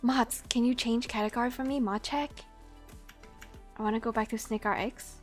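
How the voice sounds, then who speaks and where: A woman streamer with a fairly high, steady voice chats casually and playfully with her viewers at a normal speed, giggling often. Soft music plays in the background of the live stream.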